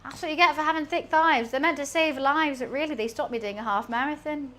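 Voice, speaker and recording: Chatty high-voiced British woman. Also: fairly quick, sharp tone, faint music behind. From United Kingdom. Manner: chatty, rambling, laughs often. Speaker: streamer. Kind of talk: casual chat while cooking on stream.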